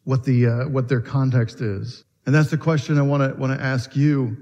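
A man's voice: mid-range voice, level tone, normal speed, dark tone, highs cut off. A man preaching a sermon in earnest, asking questions and often restarting his phrases. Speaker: pastor. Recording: long reverb of a church hall.

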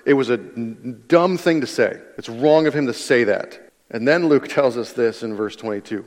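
A man's voice: mid-range voice, moderate pace. A man preaching a sermon in an earnest way, repeating key phrases for emphasis. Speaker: pastor. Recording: long hall reverb.

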